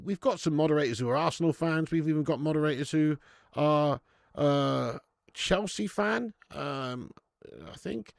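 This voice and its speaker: A man's voice: a little high, no room sound, studio quality. A man hosting a live football watch-along from his garage, chatting casually and swearing while reading out viewer messages. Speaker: fan channel host. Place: home garage streaming setup. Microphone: streaming setup.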